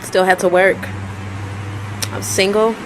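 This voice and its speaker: A woman's voice: medium pitch, flat delivery, slow, a little hiss or hum, low-quality recording. A woman telling her life story in a candid, conversational way, often repeating herself. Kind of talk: personal storytelling vlog.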